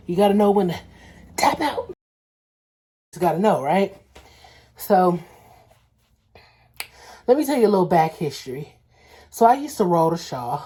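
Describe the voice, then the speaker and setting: Young woman vlogger from LA, kinda husky, lowish voice, slangy animated storytelling. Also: normal speed, long pauses. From Los Angeles. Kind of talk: casual storytelling vlog.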